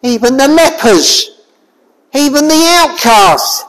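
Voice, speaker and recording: High-voiced woman preaching slowly. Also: big-room sound, low-quality recording. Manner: expressive, rhetorical questions to the congregation. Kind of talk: sermon.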